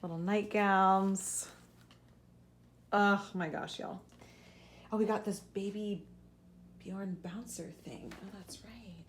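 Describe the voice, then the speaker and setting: A woman's voice: medium pitch, steady tone, takes it slowly, pauses often, a little hiss or hum. A young woman vlogging casually to a handheld camera, chatty and full of fillers, gushing with feeling. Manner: chatty, with many fillers and restarts; gushing and tearful over baby things. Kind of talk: casual vlog chat.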